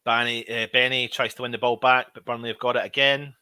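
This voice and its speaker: Male fan host, running live match commentary, excitable and frustrated, tense bright tone. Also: mid-range voice, fast talker, smooth, no room sound. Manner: excitable, shouts at big moments, grumbles at players. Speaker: fan watch-along host. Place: at home.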